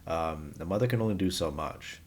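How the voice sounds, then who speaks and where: Low-voiced man ranting bluntly. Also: fairly quick, a little hiss or hum. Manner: blunt and opinionated, rambling with frequent restarts. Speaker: vlogger giving his opinions. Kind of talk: unscripted opinion monologue to camera.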